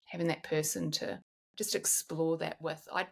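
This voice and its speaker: A woman's voice: deep voice, level tone, normal speed, creaky. A woman in her forties, a guest in a candid podcast conversation, talks in a reflective way and often restarts while she searches for words.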